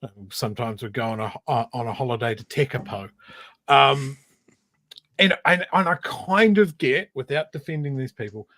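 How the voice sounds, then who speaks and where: A man with a New Zealand accent, co-hosting a casual chat, speaking in a measured, hesitant way. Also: medium pitch, a bit bright, dry recording. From South Island, New Zealand. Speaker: podcast co-host.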